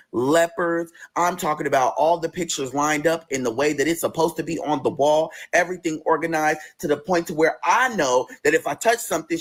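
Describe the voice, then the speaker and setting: A man spins a personal tale in a loose storytime vlog, swearing constantly and stretching his words for effect. His pitch sits a little high for a man, and it swoops up and down as he builds the drama. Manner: profane, expressive storytelling.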